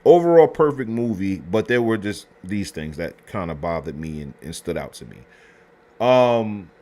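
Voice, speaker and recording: Slangy, rambling male history show host. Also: medium pitch. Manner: loose slangy delivery with many fillers and restarts. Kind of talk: casual film review talk.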